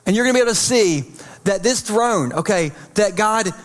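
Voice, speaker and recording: High-voiced pastor preaching softly. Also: male voice, lively intonation. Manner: repeats "holy" softly and slowly, chatty asides. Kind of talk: sermon.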